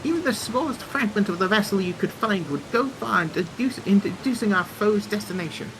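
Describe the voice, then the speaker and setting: A man's voice: sits high, animated, a little fast, background noise, voice pushed up. A man voicing an eager, formal male airship engineer with a put-on accent in a game read-along. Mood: concerned. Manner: formal, eager and a bit pompous.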